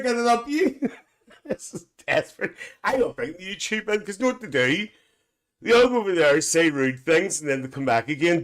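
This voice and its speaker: A man's voice: high-pitched, fairly bright tone. A man playing a cheeky, gossipy Northern Irish aunty with a Northern Irish accent, hosting a live stream in chatty, bawdy banter full of cackles.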